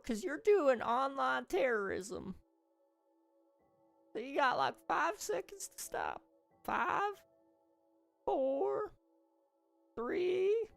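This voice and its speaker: Casting: a man doing a bossy, chatty old lady in a high shaky falsetto for a game stream, faint music behind. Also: vocal fry, full character voice. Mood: scolding. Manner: scolds chat with mock threats. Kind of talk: live-stream character voice.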